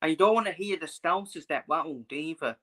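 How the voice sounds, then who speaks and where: Bright-voiced British streamer. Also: male voice, a little high, fairly quick. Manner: chatty, blunt, swears freely, repeats himself. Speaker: streamer hosting a football watchalong. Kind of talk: casual live football commentary.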